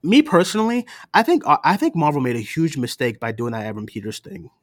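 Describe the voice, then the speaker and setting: Animated man telling stories on a podcast. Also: fairly high pitch, quick pace, no room sound, studio quality. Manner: animated storyteller, acts out relatives' voices. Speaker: podcast co-host. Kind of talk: casual chat.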